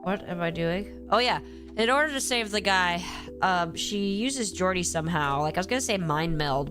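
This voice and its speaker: A woman with a cold, tired and rambling casually on a live stream, swearing freely and answering her chat as she goes. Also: lowish voice.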